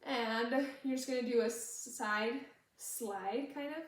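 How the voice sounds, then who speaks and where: A woman's voice: a little high, slow. Patient young female dance instructor, mic far away, very roomy hall sound. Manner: patient, explains moves while demonstrating, sometimes hums the tune. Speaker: dance teacher. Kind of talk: teaching choreography step by step. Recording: echoey room, voice from far off the mic.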